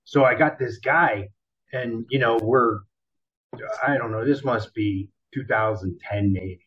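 A man casually telling a wild story from his car-selling days, animated and profane, acting out the people in it. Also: mid-range voice, a little slow, breathy edge. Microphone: laptop built-in mic. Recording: dull lo-fi laptop mic.

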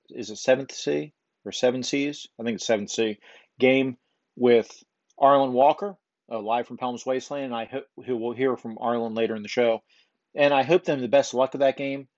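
Male podcast host, mid-pitched, with rambling casual delivery and a muffled lo-fi sound. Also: a little mellow. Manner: rambling, self-deprecating, many ums. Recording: dull lo-fi recording.

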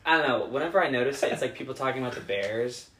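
A man's voice: medium pitch, animated, very fast, a bit bright. A man from Indiana chatting casually as a podcast guest, hedging with lots of fillers. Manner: hesitant, filler-heavy talk. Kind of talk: casual chat. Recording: roomy, distant from the mic.

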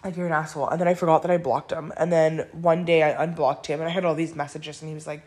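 A woman's voice: low-pitched, level tone, quick pace, darkish tone. A woman hosting a podcast, talking candidly and bluntly in a casual monologue, swearing freely and often laughing. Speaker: podcast host.

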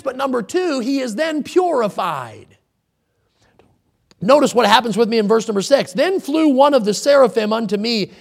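A man with a very high, gravelly voice preaches a sermon from the church pulpit. He swings into emphatic, near-shouted scripture quotations and then settles back into plain explanation. The gravel in his tone is audible throughout. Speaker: pastor. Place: church sanctuary.

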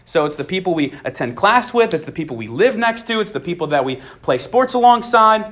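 A man's voice: high voice, very animated, brisk, few pauses, fairly bright tone. A young man leading a Bible talk for students, earnest and casual, leaning on "just" and "so" and repeating key lines for emphasis. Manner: casual filler-laden phrasing, many "just" and "so". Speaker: student ministry leader. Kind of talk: youth Bible talk with prayer.

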